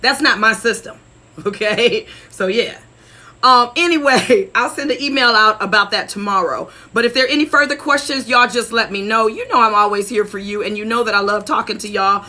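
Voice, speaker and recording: A woman relationship coach talking straight to her viewers in a preachy, animated way, laughing often and calling them y'all. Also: a little high, moderate pace. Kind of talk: casual direct-to-camera talk.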